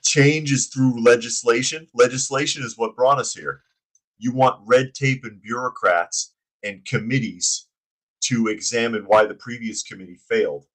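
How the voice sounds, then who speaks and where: A man's voice: mid-range voice, normal speed, fairly bright tone, low-quality recording. A man hosting a news opinion show who talks in a sarcastic, blunt way and reads out viewers' chat comments.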